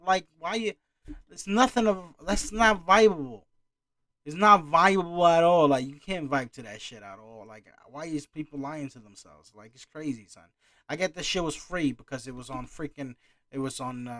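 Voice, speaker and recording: A man's voice: fairly high pitch, fairly bright tone, no echo. A man ranting through a casual reaction commentary, annoyed and swearing often. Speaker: reaction streamer.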